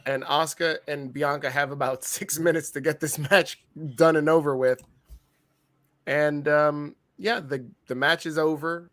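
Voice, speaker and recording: A man with a slightly higher voice co-hosts a casual wrestling review chat. He jokes and swears freely, and his mock outrage runs through the talk. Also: fairly even intonation, a little slow, fairly bright tone. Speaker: podcast co-host.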